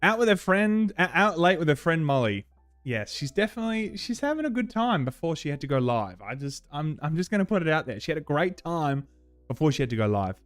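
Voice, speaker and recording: A young Australian man hosting a casual livestream, reading out viewer comments and rambling with restarts and sudden animated outbursts. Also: on the high side, a little fast, dry recording, faint music behind. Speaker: livestream host.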